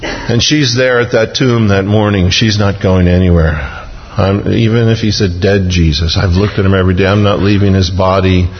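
A man's voice: sits low, steady tone, normal speed. A man preaching a sermon, dramatically acting out biblical scenes with touches of humor. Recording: dull lo-fi recording with long reverb.

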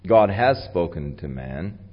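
A man preaching a sermon in a conversational storytelling way, with a voice that carries and big rises in pitch and loudness. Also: sing-song, a little slow, lo-fi sound. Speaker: pastor.

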